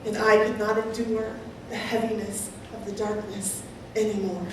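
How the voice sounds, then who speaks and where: A woman sharing a personal testimony in an earnest, halting, heartfelt way, recorded from far off in a large hall. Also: medium pitch, level tone, noisy background. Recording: very echoey, voice from far off.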